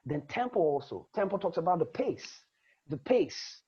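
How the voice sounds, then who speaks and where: A man gives a public speaking lesson in a husky voice. He stresses words to show his point, dropping soft and rising loud again. The recording sounds dull and lo-fi. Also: high voice, very animated, normal speed. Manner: demonstrative, dramatically shifts emphasis and loudness. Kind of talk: lecture.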